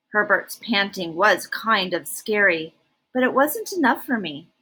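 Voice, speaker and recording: A woman reading a picture book aloud in an animated, expressive way, with a breathy voice. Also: mid-range voice, a little slow, low-quality recording. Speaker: storybook reader.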